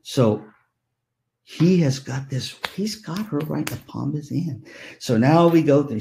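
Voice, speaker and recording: A man's voice: a little high, lively intonation, unhurried, vocal fry, warm tone. A man giving a conference keynote, telling stories playfully and acting out family members' voices. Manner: playful, jokes with audience. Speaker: keynote speaker.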